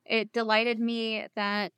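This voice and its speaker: A woman guest in an interview, telling personal stories in a candid, reflective way with soft hesitations. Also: fairly high pitch, little pitch movement, slow pace, clean tone, dry recording.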